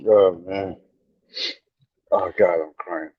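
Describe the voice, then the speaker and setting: A man's voice: low-pitched, fairly even intonation, slow, no room sound. A man in a casual chat, making crude jokes and laughing a lot. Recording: muffled lo-fi call audio.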